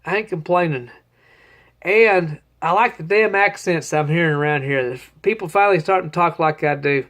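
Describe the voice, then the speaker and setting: Male hiker-host, higher-pitched and folksy, rambling salty delivery. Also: moderate pace, fairly bright tone. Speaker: long-distance hiker, podcast host. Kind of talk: casual spoken trail diary.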